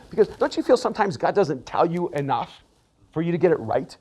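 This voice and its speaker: A middle-aged man, a pastor and author, telling a personal story in an animated way, often laughing and repeating words. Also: high voice, brisk. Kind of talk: storytelling talk.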